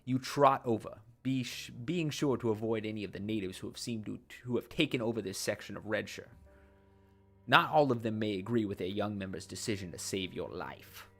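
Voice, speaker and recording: A man's voice: on the low side, a little fast. A man reading a text adventure game aloud in a put-on accent, breaking into casual asides to his viewers. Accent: put-on accent while narrating. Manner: dramatic narration broken by casual asides.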